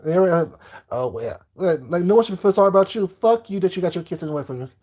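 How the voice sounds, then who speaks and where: A man with a fairly high voice ranting on a live stream. He talks to his chat bluntly and heatedly, swearing freely as he goes. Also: lively intonation, fast, a little mellow.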